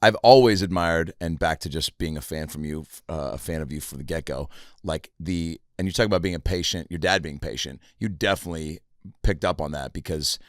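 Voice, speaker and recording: Low-voiced male podcast host, chatty. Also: brisk, no echo, studio quality. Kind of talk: casual podcast chat. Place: podcast studio.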